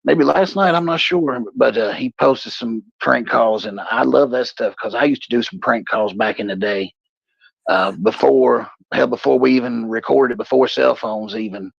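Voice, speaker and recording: A man in his forties, co-hosting a talk show, telling a profane, animated story in a casual way. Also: normal speed, vocal fry, slightly rough, no echo, muffled recording. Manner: profane, animated storyteller, puts on high voices for quoted people. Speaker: podcast co-host.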